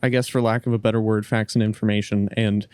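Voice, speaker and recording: A man's voice: on the low side, level tone, fast, a little mellow, smooth, no echo. A man co-hosting a casual podcast, rambling through his point with frequent restarts and casual swearing. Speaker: podcast co-host.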